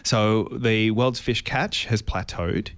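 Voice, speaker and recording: A man's voice: lowish voice, slow pace, a bit bright. A man with an Australian accent co-hosting a radio show, explaining a topic at length and often restarting his sentences. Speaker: radio co-host. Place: radio studio.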